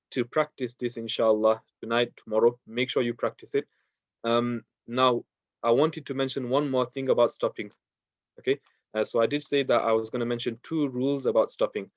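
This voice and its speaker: This man teaches a beginners' online class in Quran recitation, explaining the rules patiently one step at a time and repeating steps. He recites verses in Arabic to demonstrate, his mid-range voice steady at a normal speed. The audio is dull, with no room sound.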